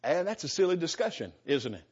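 A man's voice: on the high side, very animated, fairly quick, slightly rough. An older man preaching a sermon as pastor, with an emphatic cadence and repeated words, speaking to his congregation. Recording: dull lo-fi sermon recording.

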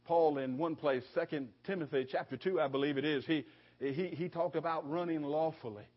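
A man with a husky, slightly high voice delivering a sermon. He presses each point with repetition and stammered restarts. The recording sounds dull and lo-fi. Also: brisk. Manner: emphatic, repeating phrases with stammered restarts. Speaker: preacher.

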